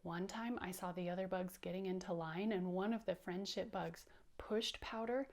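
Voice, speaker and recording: A woman teacher giving a storytime lesson for young children, animated and asking them to repeat after her. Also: lowish voice, a little slow.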